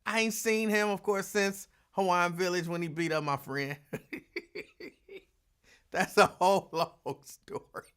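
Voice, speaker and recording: This radio host's high, smooth voice keeps a steady tone and a fairly bright quality, moving unhurriedly with frequent pauses. On his live afternoon show he drawls in a relaxed way, greets listeners by name, and laughs while telling stories.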